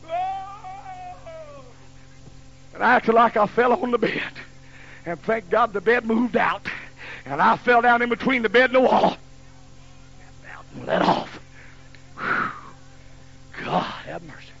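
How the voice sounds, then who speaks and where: Gravelly-voiced preacher in his fifties. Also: high voice. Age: 50s. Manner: folksy storytelling that builds to shouting. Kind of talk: sermon. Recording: dull lo-fi recording with faint hiss.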